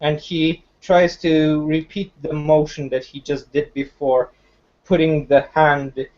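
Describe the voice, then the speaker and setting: A man describes what his character does in a tabletop game, pausing often and searching for words. His voice sits a little high and comes through muffled, like an online call. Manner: slow, searching, with many fillers. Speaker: player.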